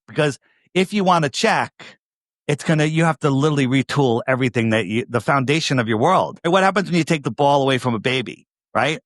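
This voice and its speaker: A man's voice: a little high, a bit bright, no room sound, clean studio sound. Emphatic man with a New York accent. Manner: emphatic, repeats phrases, asks rhetorical questions. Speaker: podcast guest. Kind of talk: casual interview talk.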